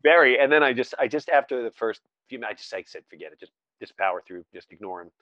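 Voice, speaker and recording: A man's voice: medium pitch, expressive, fast talker, dry recording, highs cut off. A man hosting a podcast, chatting casually and telling stories, with lots of fillers and restarts that break up his sentences. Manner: rambling, self-interrupting storyteller with many fillers. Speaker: podcast host. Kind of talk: casual chat. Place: Scotland.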